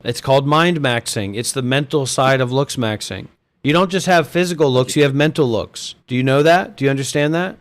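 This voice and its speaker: A man's voice: medium pitch, brisk. A man hosting an online voice chat stage, talking casually, crude and swearing, trading insults.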